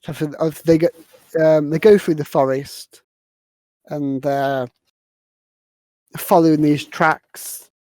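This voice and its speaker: A woman's voice: low voice, steady tone, slow pace, long pauses, mellow, dry recording. A woman hosting a podcast, casually retelling a movie's plot with lots of fillers. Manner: rambling, filler-heavy retelling of scenes. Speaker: podcast host. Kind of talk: casual movie recap chat.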